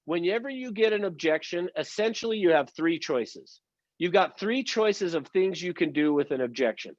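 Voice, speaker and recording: High-voiced upbeat male sales trainer. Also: dry recording, dull audio. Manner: upbeat, emphatic, coaching tone. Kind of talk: motivational online training talk.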